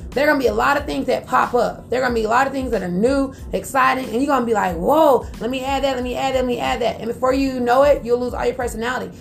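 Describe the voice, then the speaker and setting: A high-voiced woman hosts a motivational business podcast. Her voice has a gravelly edge, and she talks in a lively, preachy way straight to her listeners. Faint music sits behind her. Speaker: podcast host.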